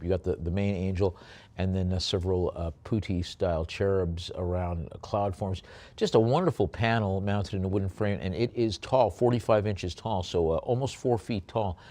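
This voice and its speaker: A male auctioneer rambles through descriptions of the lots with many fillers, then calls bids briskly. His voice is on the low side and a little mellow.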